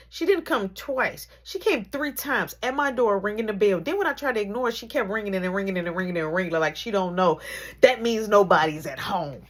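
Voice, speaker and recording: Woman storyteller, husky voice, plays every character, hushed to loud. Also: on the high side. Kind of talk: animated storytelling.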